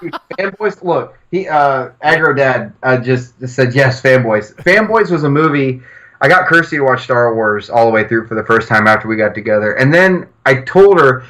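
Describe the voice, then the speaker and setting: A man's voice: mid-range voice, expressive, moderate pace, fairly bright tone, poor audio. A man co-hosting a casual podcast, telling stories animatedly, swearing freely and acting out quotes. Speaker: podcast co-host.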